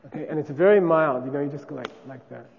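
A man's voice: on the high side, quick pace, gravelly, long reverb tail, phone-quality sound, background noise. A man teaching a class casually, often checking with "okay?" and demonstrating chants aloud.

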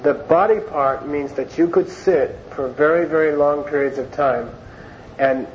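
Man teaching a relaxed Dharma class. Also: fairly high pitch, a little slow. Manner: conversational, repeats words and phrases for emphasis. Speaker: Buddhist teacher. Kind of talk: informal Dharma class lecture. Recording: dull lo-fi recording with faint hiss.

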